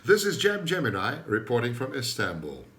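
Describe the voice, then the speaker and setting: Lively man, rambling jokes. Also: medium pitch, normal speed, a little hiss or hum. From Turkey. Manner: digressive, self-mocking, jokey asides. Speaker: comedy host. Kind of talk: rambling comic monologue. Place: at home. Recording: roomy echo.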